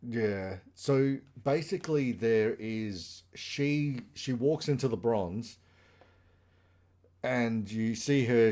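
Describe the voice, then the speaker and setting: A man with a slightly low voice talks loosely through a TV plot recap on a podcast. He rambles and stacks fillers like "kinda" and "like." His tone is relaxed and conversational. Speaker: podcast co-host. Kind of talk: casual chat.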